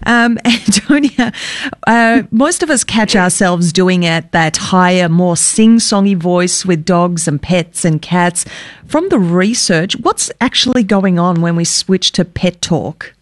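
Female co-host, lower voice, chatty, dry studio. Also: measured pace, no echo. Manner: chatty and playful. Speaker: radio co-host. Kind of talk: radio chat and interviewing.

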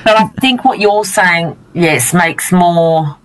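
A woman's voice: on the low side, slow pace, poor audio. A woman co-hosting a radio show over a remote call, playful and thinking aloud. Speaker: radio co-host. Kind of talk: casual radio chat.

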